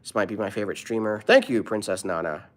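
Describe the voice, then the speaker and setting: A man's voice: fairly low pitch, fast. A man who is a comedian, live streaming and answering his viewers' chat in an earnest, opinionated way.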